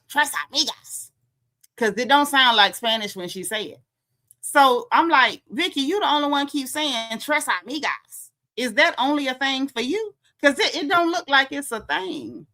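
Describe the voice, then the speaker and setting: A woman casually recapping reality TV, telling it as an animated story and acting out the quotes. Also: high-pitched. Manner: animated storytelling, acts out quotes, frequent laughs.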